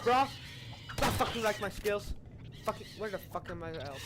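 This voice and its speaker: A young man playing a horror game on his channel, swearing loudly and yelling in panic. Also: high voice, lively intonation, moderate pace. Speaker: gaming channel host. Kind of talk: horror game let's play. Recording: noisy with game gunfire behind.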